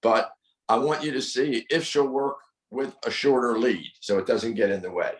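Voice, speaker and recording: A man's voice: mid-range voice, normal speed, roomy sound, rough recording. A man coaching a dog owner through training drills, firm and corrective, repeating his instructions. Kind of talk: hands-on coaching over a call.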